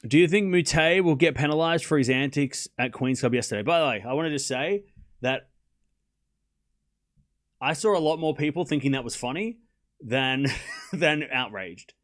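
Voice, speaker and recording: A man's voice: fairly high pitch, moderate pace, pauses often, fairly bright tone. Chatty man calling tennis live. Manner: casual, chatty, answers chat questions between points. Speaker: host. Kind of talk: live tennis watchalong commentary.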